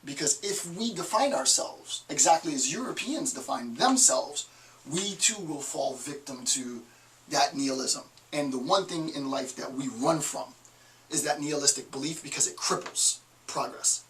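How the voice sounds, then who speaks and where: A middle-aged man lecturing in a fairly high, bright voice, wandering into jokey tangents. He sits some distance from the mic. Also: lively intonation, normal speed. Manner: digressive, joking asides. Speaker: college lecturer. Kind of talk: recorded online lecture.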